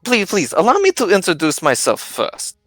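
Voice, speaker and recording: A man's voice: high voice, huge pitch swings, moderate pace, a bit bright, no echo, soft background music, voice pushed up, exaggerated voice. A man voicing a seven-foot male wolfkind monster hunter with a put-on German accent, grandiose and boastful, in a tabletop game.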